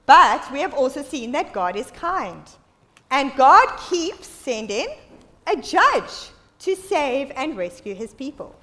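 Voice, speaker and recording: A woman giving an animated children's Bible talk in a church, leading the children in call-and-response storytelling. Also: sits high, takes it slowly. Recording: echoey church hall.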